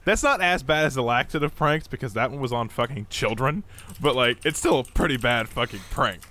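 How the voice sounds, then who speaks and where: A young man co-hosting a casual podcast, animated and swearing freely. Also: medium pitch, a little fast, slight background noise. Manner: animated, swearing, mimics voices when retelling. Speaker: podcast co-host. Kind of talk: casual chat.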